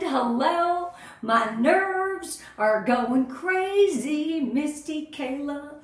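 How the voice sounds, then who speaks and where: A woman's voice: sits high, fairly bright tone. A woman from Southern California leading a live-stream sales training, bubbly and emotional, greeting viewers by name. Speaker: sales team director. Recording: very echoey room.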